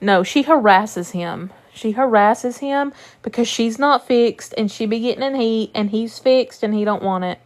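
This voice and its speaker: A woman's voice: on the high side, a little slow, hardly any pauses. A young woman coaching viewers through a live stream in a chatty, reassuring way, swearing now and then. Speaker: manifestation coach.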